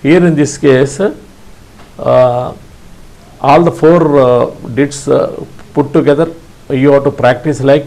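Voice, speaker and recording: Slow guy from india walking thru morse code, lots of uh's, low mellow voice. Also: fairly even intonation, gravelly, poor audio. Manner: hesitant, many fillers and restarts, sounds out dits aloud. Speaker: ham radio instructor. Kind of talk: slow spoken tutorial.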